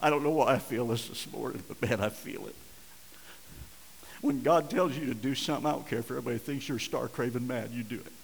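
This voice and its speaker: A middle-aged man preaching a sermon, telling a story and swinging between hushed and loud, urgent passages. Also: medium pitch, fast, creaky, in a large hall, slight background noise, rough recording. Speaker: pastor.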